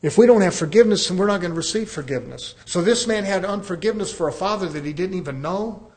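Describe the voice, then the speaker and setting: A man's voice: high-pitched, expressive, fast, a little mellow. A male pastor preaching a sermon in an earnest way, addressing the congregation as brethren and telling stories with acted-out dialogue. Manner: conversational storytelling with acted-out dialogue.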